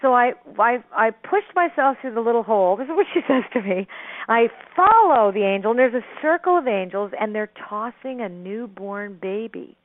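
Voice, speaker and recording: A middle-aged woman telling a personal story as a caller, animated and rambling, with restarts and frequent laughs. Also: a little high, normal speed. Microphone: telephone. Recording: tinny phone line.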